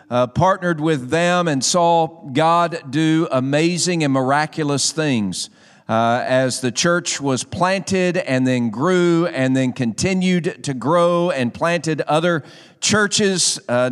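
A pastor speaks earnestly to his congregation, with a smooth, resonant voice at an everyday pitch for a man. His words ring out with a long reverb across a church hall. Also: takes it slowly. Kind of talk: sermon introduction. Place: church sanctuary.

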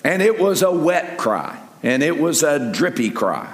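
An older man preaching a sermon as pastor, rising to loud peaks and dropping to soft asides. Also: a little high, very animated, unhurried. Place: large church sanctuary with long reverb. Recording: echoey hall with long reverb.

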